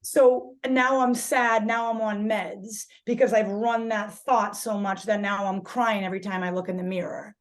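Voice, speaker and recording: A woman yoga instructor talking candidly as a podcast guest, animated, swearing freely and restarting her sentences as she searches for words. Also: medium pitch, normal speed, hardly any pauses. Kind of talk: casual podcast conversation.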